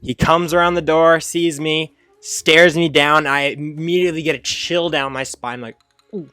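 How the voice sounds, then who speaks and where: A man casually telling a funny childhood story, rambling with fillers and self-corrections and jumping up high when he acts out his younger self. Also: fairly even intonation, moderate pace, pushed and bright, clean tone, no room sound, soft background music. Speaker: storyteller host.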